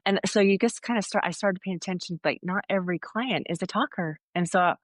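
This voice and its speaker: A woman's voice: fairly low pitch, brisk, no echo. A woman guest on a podcast, earnestly telling a rambling story and acting out bits of quoted dialogue in conversation. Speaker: foot zoner, podcast guest.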